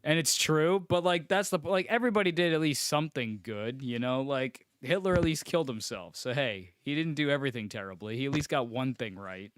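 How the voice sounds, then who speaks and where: A man's voice: medium pitch, a little fast, few pauses, a bit bright, clean tone, dry recording, clean studio sound. A man co-hosting a casual podcast from his apartment, talking in a rambling way full of restarts and fillers. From not from the UK. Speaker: podcast co-host. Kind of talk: casual chat. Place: home apartment.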